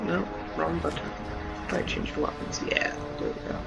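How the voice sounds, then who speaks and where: A man's voice: on the high side, wildly swooping pitch, moderate pace, vocal fry, loud music behind the voice, poor audio. A sleep-deprived man commenting on a game he plays and reading its text aloud, rambling and correcting himself as he goes. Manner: rambling, self-correcting asides. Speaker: let's play gamer.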